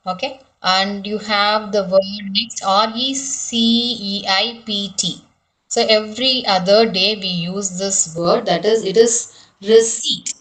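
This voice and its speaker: A woman's voice: mid-range voice, fairly even intonation, unhurried, fairly bright tone, far from the mic. A woman with an Indian English accent teaches pronunciation in an online training session. She spells each word letter by letter and repeats how it should be said. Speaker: resource person teaching pronunciation.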